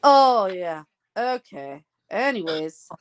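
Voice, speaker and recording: A woman's voice: mid-range voice, very animated, over a noisy crowd. A woman hosting a casual live stream, gushing and affectionate as she greets her viewers one by one by name. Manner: drawn-out, easygoing talk.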